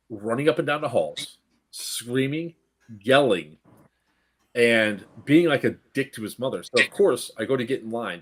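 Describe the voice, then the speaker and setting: Middle-aged man, husky voice, animated and profane, casual storytelling co-host. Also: medium pitch. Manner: animated, profane, acts out quotes. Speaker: stream co-host.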